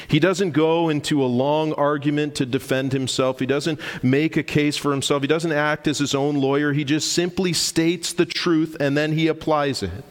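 A man preaching a sermon as pastor, earnest and emphatic, slowing down and repeating lines for stress. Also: medium pitch. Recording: long reverb of a large hall.

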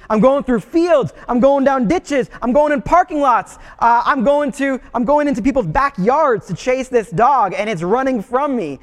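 A man's voice: sits high, long reverb tail. A man giving a sermon as pastor, preaching in a conversational, storytelling way.

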